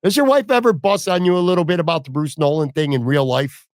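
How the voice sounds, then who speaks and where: A man's voice: fairly high pitch, fast, no room sound, clean studio sound. A man hosting a casual podcast interview, asking long rambling questions with speech. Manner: chatty, rambling questions with fillers. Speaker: podcast host.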